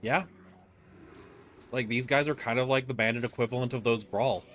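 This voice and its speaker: A man's voice: medium pitch, steady tone, normal speed, a bit bright, slight background noise. A man chatting casually while guiding a friend through a co-op game, patiently explaining mechanics step by step. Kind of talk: casual gameplay chat.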